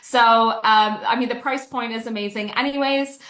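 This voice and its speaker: A woman's voice: a little high, fairly even intonation, moderate pace, a bit bright, reverberant. A woman from Canada giving an enthusiastic sales presentation, talking with lots of "um"s and "so"s. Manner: enthusiastic, many fillers. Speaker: business presenter. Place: online presentation.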